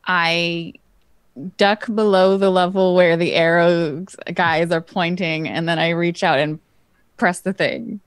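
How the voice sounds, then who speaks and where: A woman's voice: lowish voice, fairly even intonation, slow pace, clear, resonant tone, no room sound, studio quality. Hesitant woman player at a tabletop game. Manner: hesitant, lots of fillers and hedging. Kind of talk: casual tabletop game play.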